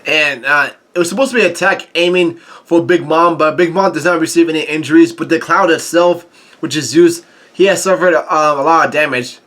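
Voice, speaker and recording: A man casually recapping a comic chapter as a channel host, halting often with fillers and tossing in crude asides. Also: fairly high pitch, fairly bright tone.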